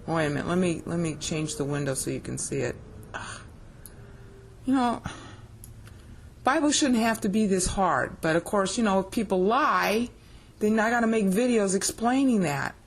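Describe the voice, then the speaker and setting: A woman's voice: mid-range voice, expressive, a little slow, pauses often, slight background noise. A woman giving a screen-share scripture lesson, explaining step by step with emphasis and often checking that the listener follows. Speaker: Bible teacher.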